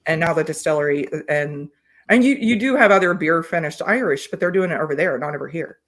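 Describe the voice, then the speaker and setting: A woman's voice: low voice, fairly quick. Cheerful chatty woman on a tasting panel. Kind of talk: casual tasting chat.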